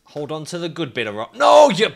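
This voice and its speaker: A man's voice: on the high side, lively intonation, fast. Swearing man ranting at a game. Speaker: streamer. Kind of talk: live gameplay commentary.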